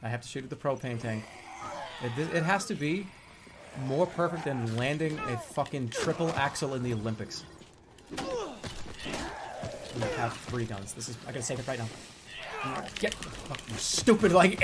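A man streaming a video game, commenting as he plays and swearing often, dropping from low muttering to angry shouts. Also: normal speed, long pauses, very noisy. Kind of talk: gaming livestream commentary.

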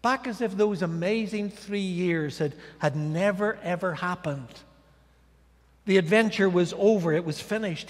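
A male guest preacher giving a dramatic sermon, swinging between loud declarations and hushed asides. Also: high-pitched, normal speed. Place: church sanctuary. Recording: church hall reverb.

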